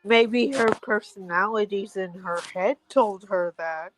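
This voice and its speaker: A woman's voice: medium pitch, unhurried, a bit bright, soft background music, low-quality recording. A woman who joins a livestream as a guest and speaks in a dismissive, scolding way. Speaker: stream guest. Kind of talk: casual chat.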